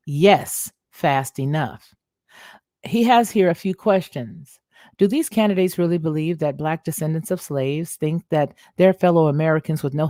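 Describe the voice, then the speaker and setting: A woman with a low, warm voice reads an article aloud and breaks in to comment on it, talking straight to her viewers in a casual way. She sounds a little unwell and clears her throat now and then. The recording is close and dry. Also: dry recording. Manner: conversational, addresses viewers as y'all. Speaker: commentary host reading an article.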